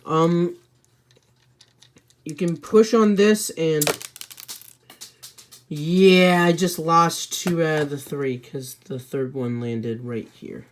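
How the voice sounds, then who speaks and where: A woman's voice: sits low, takes it slowly, long pauses, slight background noise. A woman giving a casual, rambling toy set review, hesitant with many fillers and restarts, tossing in offhand self-mocking asides.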